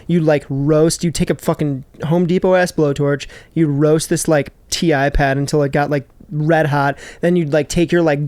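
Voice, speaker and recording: A man's voice: on the high side, a little mellow, no echo. A man, a cooking video creator, chatting casually as a podcast guest, rambling and laughing with crude slang.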